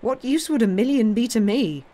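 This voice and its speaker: A woman's voice: on the low side, animated, normal speed, close to an everyday voice. A woman reading aloud, voicing a wealthy nobleman who speaks with cool, polished irony. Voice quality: smooth, coldly ironic. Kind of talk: reading a novel aloud on a livestream.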